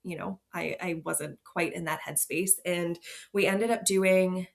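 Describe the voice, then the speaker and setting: A woman's voice: fairly low pitch, fairly even intonation, measured pace, creaky. A woman, a fertility nurse guest on a podcast, telling her own story openly and with feeling. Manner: open, emotional storytelling with laughs. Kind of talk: candid podcast interview.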